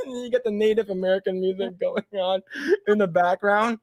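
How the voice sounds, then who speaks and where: A man's voice: high voice, fairly even intonation, a little fast, dry recording. A man co-hosting a podcast, recapping a show in casual, profane chat and acting out the scenes in little voices. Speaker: podcast co-host.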